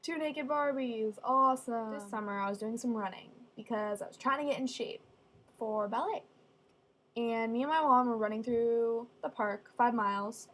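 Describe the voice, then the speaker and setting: A young woman telling funny stories casually, with deadpan asides. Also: on the high side. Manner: chatty, deadpan asides, acts out quoted voices. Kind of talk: casual storytelling.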